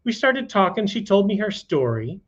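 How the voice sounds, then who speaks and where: A man with a slightly raised pitch tells a personal story as a guest, loose and conversational, dropping "you know" between thoughts. The sound is muffled and lo-fi. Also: sing-song, moderate pace. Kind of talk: casual storytelling. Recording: dull lo-fi sound.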